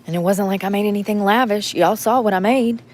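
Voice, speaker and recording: A woman's voice: mid-range voice, a little fast, a little mellow, slight background noise. A woman, vlogging casually from inside a store, talking bluntly to her viewers and muttering to herself as she shops. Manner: blunt, rambling, muttering to herself while shopping.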